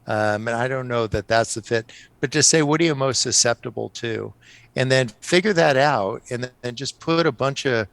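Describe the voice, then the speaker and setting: A middle-aged man telling stories on a podcast as a guest, animated and often laughing. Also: medium pitch, normal speed, creaky, dry recording. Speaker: guest author. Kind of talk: casual storytelling on a podcast.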